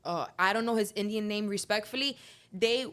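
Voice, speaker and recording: A lively young woman, a professional alligator wrestler, tells stories as a guest in a casual podcast interview. Her voice is medium-pitched at normal speed, and she's animated, acting out quoted dialogue.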